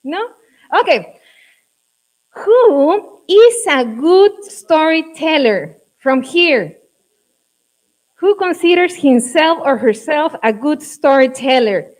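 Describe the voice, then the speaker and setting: A high-voiced woman with a Mexican accent leads a classroom workshop for teachers. She talks slowly and coaxes the group, checking in with them often. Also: lively intonation, poor audio. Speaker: teacher trainer.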